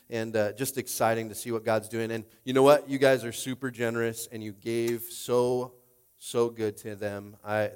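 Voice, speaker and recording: A middle-aged man pastor preaches in a loose, conversational sermon style. He is tearful and emotional, rambling with frequent fillers. His voice sits at an ordinary pitch. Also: clear, resonant tone.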